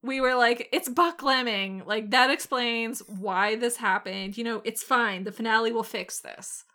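Woman co-host, high bright voice, animated casual storyteller, swears freely. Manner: animated, swearing, quick storytelling with acted quotes. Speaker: podcast co-host. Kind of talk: casual chat.

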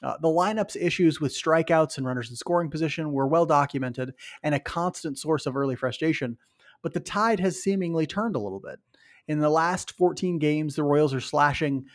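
A man's voice: on the high side, brisk. A man co-hosting a casual sports podcast, breaking down stats and reading a sponsor spot. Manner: analytical, reads ad copy and stats. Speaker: podcast co-host.

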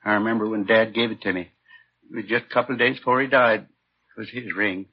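An actor playing an injured bar owner in pain who speaks in a tired, plain way, in a 1950s radio drama. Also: male voice, lowish voice, fairly even intonation, brisk, close to an everyday voice. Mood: weary. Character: injured middle-aged tavern owner, weary and sore. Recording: muffled old radio broadcast with faint hiss.

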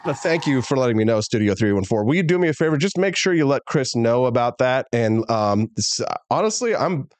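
A man's voice: medium pitch, lively intonation, a little fast, few pauses, no room sound. A man hosting a political talk show, speaking candidly and emphatically. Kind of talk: casual political commentary.

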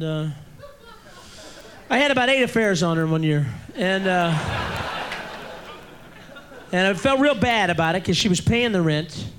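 A male stand-up comedian telling a profane story, breaking into shouted rants. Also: high voice. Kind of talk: stand-up routine. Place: comedy club stage. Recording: live club recording with audience laughter.

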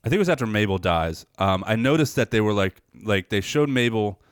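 A man's voice: lowish voice, lively intonation, brisk, smooth, no echo, clean studio sound. A man co-hosting a movie podcast, talking casually and rambling with frequent restarts and laughs. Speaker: podcast co-host.

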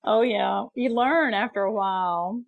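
A middle-aged woman in a casual chat, responding with quick encouraging interjections. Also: mid-range voice, vocal fry, lo-fi sound.

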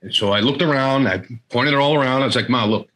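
A middle-aged man as an interview guest, candidly telling a personal story in a halting way, often repeating words and quoting family members. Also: medium pitch, fairly bright tone, slight background noise, poor audio.

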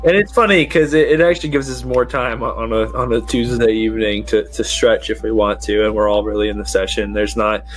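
A man's voice: lowish voice, steady tone, a little fast, hardly any pauses, faint music behind. Earnest man talking about role-play. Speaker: tabletop role-play player. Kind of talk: casual panel chat.

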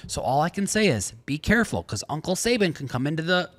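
Excitable high-voiced man talking bets. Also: quick pace. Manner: loud, excitable, joking, shifts into shouting. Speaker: sports betting podcast co-host. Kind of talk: casual sports betting chat.

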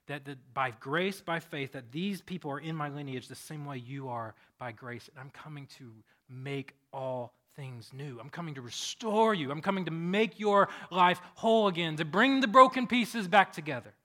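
A man's voice: a little high, moderate pace, few pauses, sharp tone. A man voicing Jesus as an earnest, reassuring male savior making promises.

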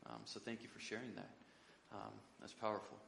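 A male pastor giving a conversational sermon, relaxed and rambling, with lots of fillers and self-corrections. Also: lowish voice, fairly quick, vocal fry, in a large hall, a little hiss or hum.

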